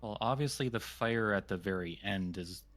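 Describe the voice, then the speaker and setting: A man being coached in voice acting, who thinks aloud and restarts his sentences. His voice sits fairly low and his talk is casual. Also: normal speed, fairly bright tone, faint music behind. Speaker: voice acting student. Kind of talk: coaching session.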